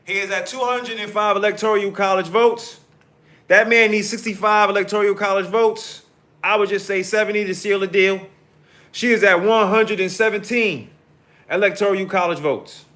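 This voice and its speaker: A male host giving excited live election-night commentary, repeatedly reading out vote counts. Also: high voice, moderate pace, reverberant.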